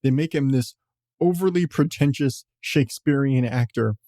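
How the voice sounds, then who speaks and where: A man's voice: mid-range voice, normal speed, dark tone, no echo, studio quality. A man hosting a podcast, talking in a rambling, casual way with frequent swearing and chuckles. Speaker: podcast host. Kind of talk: casual chat.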